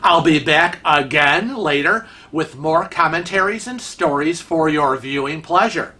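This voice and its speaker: A man's voice: on the high side, expressive, measured pace, bright, forceful tone. A man from Rochester, New York, with a Rochester accent, hosting a vlog in a chatty, digressive, teasing way. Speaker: vlog host. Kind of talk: casual vlog commentary.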